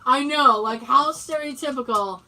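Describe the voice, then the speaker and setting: A woman co-hosting a podcast tells a long story in loose, casual chat. Her voice is bright and a little high, and she jumps into the other people's lines as she tells it. She sits back from the mic, so she comes across as a bit distant. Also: moderate pace. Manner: acts out quoted dialogue, swears casually. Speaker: podcast co-host.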